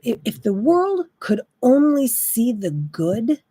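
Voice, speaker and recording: Impassioned woman preaching with lively swings. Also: on the high side, slow, slightly rough, no room sound. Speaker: Christian talk host. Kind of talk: faith-based monologue.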